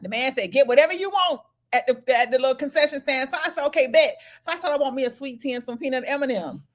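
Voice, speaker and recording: Woman, rapid talker, slightly high voice, animated storyteller, casual chat. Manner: animated storytelling, laughing, loud retorts. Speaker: podcast co-host.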